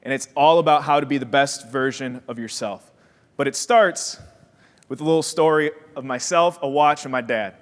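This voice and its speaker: A young man from Wisconsin giving a motivational talk as keynote speaker, an energetic storyteller who acts out the voices in his story. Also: medium pitch, moderate pace. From Wisconsin, USA. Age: young adult. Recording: long hall reverb.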